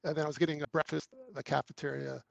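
A man's voice: on the high side, fast talker, creaky, no room sound, lo-fi sound. A man, an actor guest, telling anecdotes in casual chat and acting out the quoted lines. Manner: animated storyteller who acts out quoted lines.

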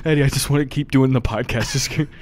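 A man's voice: mid-range voice, fairly even intonation, fast talker, a little mellow, slight background noise. A young man co-hosting a casual podcast, cracking crude jokes and giggling often. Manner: jokey, crude quips, giggly. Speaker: podcast co-host.

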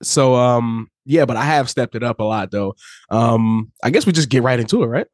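A man co-hosting a casual podcast, relaxed and loose, talking through a slight cold that leaves him a bit hoarse. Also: mid-range voice, moderate pace, no room sound, clean studio sound. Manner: relaxed, loose, with frequent fillers and laughs. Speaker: podcast co-host. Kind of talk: casual chat.

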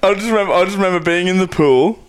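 A man's voice: sits high, rapid-fire, slight background noise. A young man co-hosting a podcast, blokey and swearing freely as he calls everyone mate. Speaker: podcast co-host. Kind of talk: casual chat.

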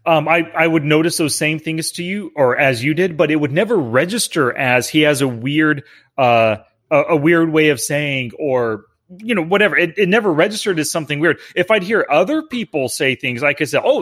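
A man's voice: a little high, lively intonation, brisk, a bit bright. A man hosting a podcast from a basement, upbeat and chatty in casual conversation. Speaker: podcast host. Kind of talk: casual chat. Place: home basement.

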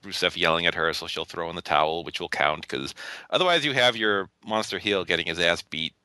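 Deep, sharp-toned man with a dry wit. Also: a little fast, smooth, no echo. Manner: dry sarcastic jokes. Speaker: podcast guest. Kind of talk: casual podcast discussion.

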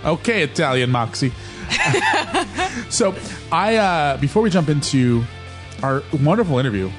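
A man's voice: on the high side, big pitch swings, measured pace, faint music behind. Joking male podcast co-host. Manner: joking, rambling storyteller. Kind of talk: casual chat.

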